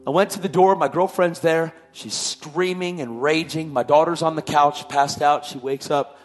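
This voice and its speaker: This testimony comes from a man whose voice runs on the high side at a normal speed. He tells his story with force and repeats his words for weight as soft music plays.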